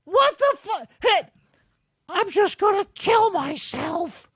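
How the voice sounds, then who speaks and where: A podcaster voicing a petulant, childish grown man in a high, squeaky cartoonish voice, wailing and pleading. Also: very animated, slow, a bit bright, no room sound, studio quality, exaggerated voice. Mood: panicked wailing.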